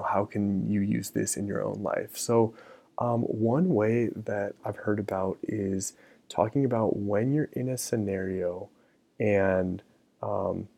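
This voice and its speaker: A middle-aged man hosts a solo podcast in a fairly low, gravelly voice. He talks in a relaxed, casual way, full of ums and you-knows.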